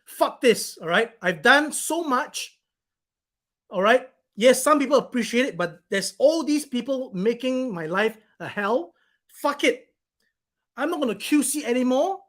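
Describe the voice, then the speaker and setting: A man's voice: very high-pitched, animated, a little slow, a bit bright. A man hosting his own live stream, reading out viewer comments in an irritated, blunt, rambling way and swearing now and then.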